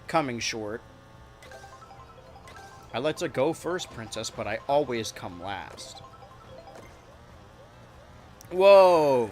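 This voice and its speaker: A man streaming a kart racing game, rambling and joking to his chat with sudden excited yelps. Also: mid-range voice. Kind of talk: live-streamed gameplay commentary.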